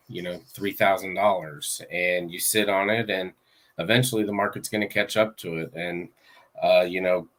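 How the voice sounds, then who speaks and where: A man with a fairly low voice chats on a podcast as a real estate agent. He sounds relaxed and matter-of-fact, with the odd "um" as he explains his work. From Florida. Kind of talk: casual podcast chat.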